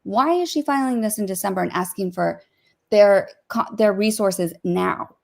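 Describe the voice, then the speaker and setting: A woman in a casual commentary chat, opinionated and animated, filling her talk with "like" and quick asides. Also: medium pitch, gravelly. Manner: opinionated, heavy use of "like", rapid asides.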